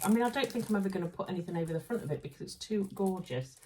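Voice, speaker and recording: A woman's voice: lowish voice, animated, fast, few pauses, darkish tone. A Yorkshire woman in her thirties chatting to camera about sewing and gifts she has received, gushing and chatty. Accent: Yorkshire English. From Yorkshire, England. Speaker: sewing vlogger. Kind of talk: casual chat to camera.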